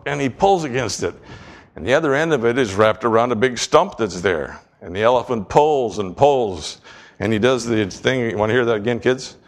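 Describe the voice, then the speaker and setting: Storytelling pastor preaching in a church. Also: male voice, medium pitch, normal speed. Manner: storytelling, animated, acts out voices and sounds; clears throat often. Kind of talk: sermon with object lesson.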